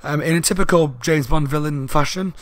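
Fast, loud-talking man reviewing a book. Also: on the high side, no echo. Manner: rambling, with fillers and asides. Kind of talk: casual spoken book review.

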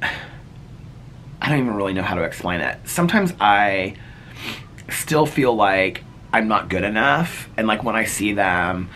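A middle-aged man from Indiana talks straight to camera in a loose, earnest, rambling way. His voice sits a little low but rings bright and forward. A faint hiss runs under it. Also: expressive, a little slow. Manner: chatty, earnest, heavy use of "like". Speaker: vlogger. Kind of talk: casual personal storytelling.

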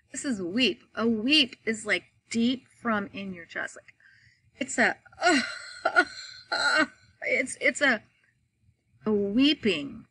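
A woman teacher thinking aloud through a poem in a lesson, musing and expressive, with frequent fillers. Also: mid-range voice, poor audio. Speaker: teacher modeling poem reading.

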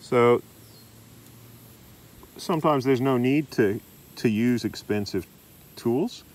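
A middle-aged Australian man demonstrating massage techniques in a relaxed, chatty way, recorded in a park. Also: mid-range voice, slow pace. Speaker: massage teacher. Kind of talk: casual demonstration. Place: park outdoors.

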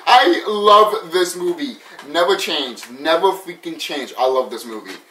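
Male vlogger, somewhat high voice, loose profane movie-review chatter, distant mic in a roomy space. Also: expressive, unhurried, bright, forceful tone, slight background noise. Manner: rambling, swears a lot, laughs often.

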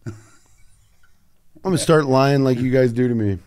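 A man's voice: mid-range voice, normal speed, a little mellow, clean tone, no echo. A man on a podcast in casual chat, rambling and stopping himself mid-sentence, often whining in mock complaint. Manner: rambling, self-interrupting, mock-whiny. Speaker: podcast co-host.

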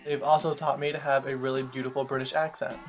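A man's voice: mid-range voice, flat delivery, fast, soft background music. A young man hosting a comedic vlog, sarcastic and self-mocking, swearing freely. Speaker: vlogger.

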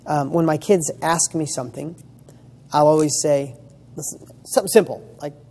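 A man's voice: fairly high pitch, a little mellow. A middle-aged man giving a blunt motivational talk, firing off one rhetorical question after another. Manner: emphatic, rapid-fire rhetorical questions; blunt, mild swearing. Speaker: motivational speaker.

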